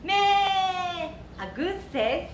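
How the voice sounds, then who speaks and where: High-voiced Japanese woman, echoey room. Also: lively intonation, extremely slow, crowd noise. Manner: bright, playful sound imitations. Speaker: video creator. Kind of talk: cheerful video presentation.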